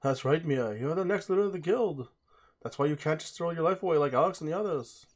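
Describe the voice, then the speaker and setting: A man's voice: a little high, expressive, fast. Man as brooding young male warrior, grim and warning.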